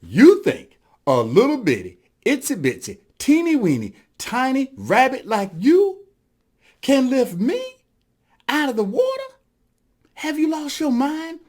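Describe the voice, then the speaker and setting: A man's voice: medium pitch, huge pitch swings, brisk, slightly rough, voice pushed down. A man voicing a huge male whale in a told folktale, mocking and disbelieving. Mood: scoffing.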